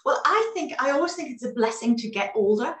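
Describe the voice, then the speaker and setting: A woman in her forties, a guest in a casual interview chat, telling her story in an animated way with many restarts, heard over a video call. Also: sits high, a little fast, echoey room, recorded from a distance. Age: 40s.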